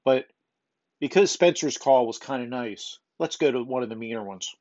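A man's voice: mid-range voice, normal speed, darkish tone. A man hosting a podcast, chatting casually and self-deprecatingly, with lots of ums. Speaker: podcast host. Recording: dull lo-fi recording.

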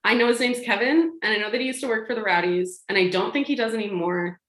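Animated woman telling a story, roomy sound. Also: on the high side, fast talker. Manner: animated, laughing, acts out quoted lines. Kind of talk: casual storytelling chat. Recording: roomy echo.

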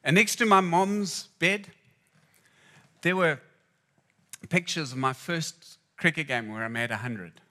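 Bright-voiced male preacher telling stories. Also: a little high, slow, long pauses. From Zimbabwe. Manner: storytelling, swings between hushed and loud. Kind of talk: sermon with personal stories.

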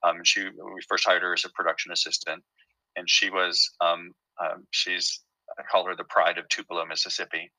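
A man's voice: low voice, flat delivery, normal speed, pushed and bright, dry recording, poor audio. A man who creates and writes a TV show, telling his story in a casual interview with many fillers and restarts.

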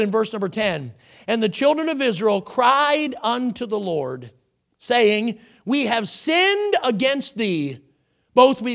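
A man preaching with lively, swinging pitch. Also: creaky. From United States. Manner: preaching with rising emphasis, reading scripture aloud. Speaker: pastor. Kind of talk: sermon. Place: church sanctuary.

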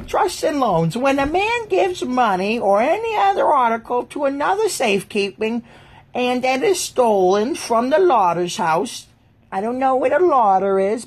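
A woman's voice: fairly high pitch, expressive, a little slow, husky. A woman casually reading scripture aloud on a livestream, breaking off to joke and riff on the text to her chat. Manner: jokey, reads aloud then riffs and mocks the text.

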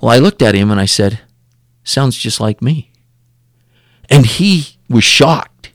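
A man's voice: medium pitch, animated, unhurried, long pauses, no room sound, studio quality. A man, a podcast guest, telling a story and acting out the dialogue in it, often repeating and restarting words.

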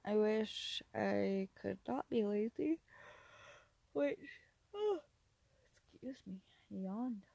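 A young woman hosting a casual solo podcast, rambling softly, laughing often and sometimes dropping to a whisper. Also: mid-range voice, lively intonation, slow pace, vocal fry, pauses often, no room sound. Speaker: podcast host.

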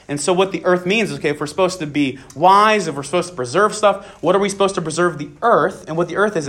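A man's voice: sits high, fairly bright tone. A young man leading a Bible talk for students, earnest and casual, leaning on "just" and "so" and repeating key lines for emphasis. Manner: casual filler-laden phrasing, many "just" and "so". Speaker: student ministry leader. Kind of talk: youth Bible talk with prayer.

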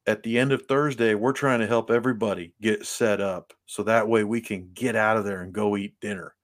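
A man's voice: on the low side, steady tone, fairly quick. A man co-hosting a casual podcast chat, rambling through stories with many fillers. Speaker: podcast co-host.

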